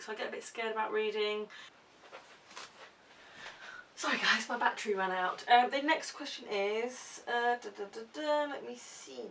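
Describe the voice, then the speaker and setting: A woman's voice: mid-range voice, fairly bright tone. A young woman chatting casually to camera as a vlogger, giggly and full of ums. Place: room at home. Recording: distant camera mic with hiss.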